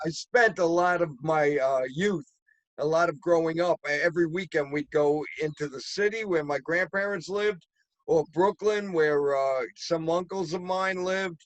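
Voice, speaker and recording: A man's voice: a little high, moderate pace, no room sound. A man with a New York accent from Long Island, co-hosting a comedy show from home and joking animatedly. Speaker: co-host. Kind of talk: casual chat on a comedy show. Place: home, remote.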